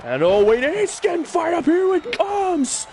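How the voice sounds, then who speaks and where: Very high-pitched excitable man commentating. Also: measured pace, crowd noise. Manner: excitable, frequent shouted exclamations. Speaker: gaming channel host. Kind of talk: play-by-play wrestling game commentary.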